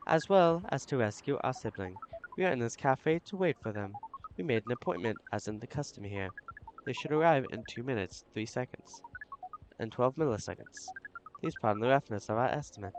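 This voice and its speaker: A man's voice: mid-range voice, animated, normal speed, noisy background, natural voice. A man voicing a formal, literal-minded alien woman of a hive mind in a visual novel, speaking of herself as "we" with stiff precision. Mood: earnest. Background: game music.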